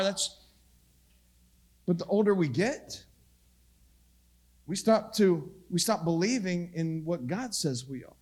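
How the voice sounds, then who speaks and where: Middle-aged pastor guy, pretty high voice, chatty sermon that gets quiet then loud, pokes fun at himself. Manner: casual, self-deprecating, swings between hushed and loud. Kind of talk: conversational sermon.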